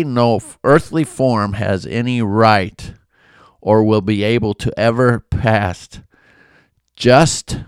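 A man's voice: medium pitch, clear, resonant tone, dry recording. A man giving an informal, earnest Bible commentary, talking conversationally with asides and restarts. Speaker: Bible devotional host.

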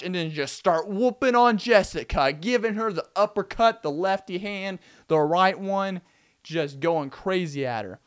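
A man's voice: fairly high pitch, moderate pace, smooth. A young man hosting a casual solo podcast, rambling animatedly and acting out scenes with frequent laughs. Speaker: podcast host.

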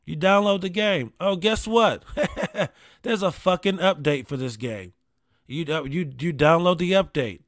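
A man telling casual comedic stories about gaming with his kid, profane and animated, with quick asides. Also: fairly high pitch, no room sound, clean studio sound.

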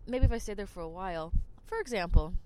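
A woman's voice: mid-range voice, lively intonation, fast talker, warm tone, a little hiss or hum. A woman with a New Jersey accent hosting a podcast, talking in a rambling, chatty way with lots of fillers. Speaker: podcast host. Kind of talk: casual monologue.

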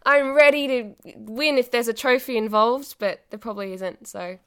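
A woman's voice: a little high, moderate pace, fairly bright tone, clean tone, dry recording, studio quality. A woman co-hosting a podcast, playful and competitive in casual chat. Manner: playful, competitive, laughs a lot.

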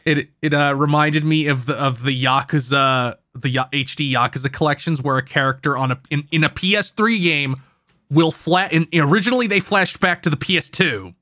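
A man's voice: on the high side, moderate pace, pushed and bright, dry recording, studio quality. A man talking casually about video games on a podcast, rambling, cursing and correcting himself as he goes. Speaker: podcast co-host. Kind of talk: casual gaming podcast chat.

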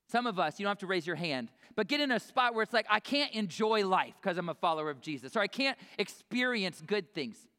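A pastor preaches in a relaxed, chatty way, often stopping to restart a thought or to act out a quote. His voice sits high for a man and rings with a bright, forceful edge. The sound carries a long reverb from a big sanctuary. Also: clear, resonant tone. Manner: conversational, self-interrupting preaching with quoted asides. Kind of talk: sermon. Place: church sanctuary.

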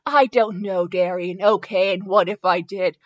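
A woman's voice: medium pitch, steady tone, a little slow, dry recording, dull audio, voice pushed down, natural voice. A woman reading aloud as a defensive, tearful young woman in a fanfiction story. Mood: upset. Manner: read aloud from fanfiction, wry.

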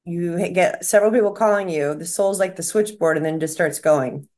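A woman's voice: fairly low pitch, a little fast, darkish tone. A woman talking as a psychic medium in casual chat, rambling and restarting as she relays what she is shown.

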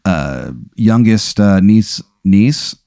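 Male podcast host, lower voice, rambling deadpan improv storyteller, dry sound. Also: drawn-out words, creaky, clear, resonant tone, no echo. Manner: rambling, lots of fillers and deadpan escalation.

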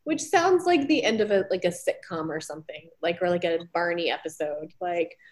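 Her voice is low-ish and sing-song, moving a little fast. The young former teacher co-hosts a podcast, chatting casually about research she's retelling, with lots of ums, likes and giggles.

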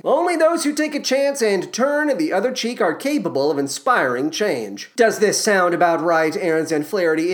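A woman hosting a podcast and giving commentary on a musical, with a dry, sardonic manner. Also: fairly low pitch. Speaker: podcast host.

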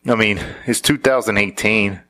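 In a rambling, sarcastic monologue of casual comedic commentary, a married man keeps restarting his sentences. He talks at normal speed in a fairly low voice that sounds pushed and bright.

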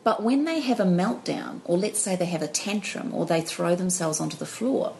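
A woman, telling stories in an animated, laughing way as a guest in a casual chat. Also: on the low side, moderate pace, vocal fry, slight background noise, poor audio. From New Zealand. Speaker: podcast guest.

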